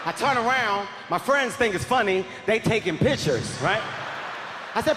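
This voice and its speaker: A man in his forties doing stand-up comedy, telling a story in an animated, often shouting, profane way on stage at a large live venue. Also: sits high, normal speed, noisy background. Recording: echoey hall with crowd ambience.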